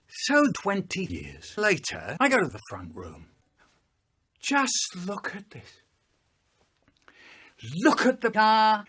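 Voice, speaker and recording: A man's voice: fairly high pitch, bright, forceful tone, husky. A man in his sixties telling comic stories in a playful, theatrical way. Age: 60s. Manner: playful, theatrical, drawn-out emphasis. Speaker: storyteller. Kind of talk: comic storytelling, edited clips.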